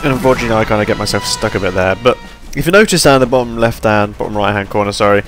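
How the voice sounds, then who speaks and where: A man's voice: on the low side, racing, music in the background. A tired young man giving rambling, chatty commentary over his gameplay, yawning between points. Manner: rambling, chatty, self-deprecating.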